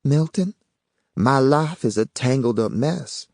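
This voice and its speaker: A wary young woman with a blunt, clipped delivery, as a man puts her on in an audiobook. The voice is pitched well up from his own. It sounds close and dry, with no room around it. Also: expressive, takes it slowly, gravelly, darkish tone, no room sound. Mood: guarded. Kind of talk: audiobook character voice.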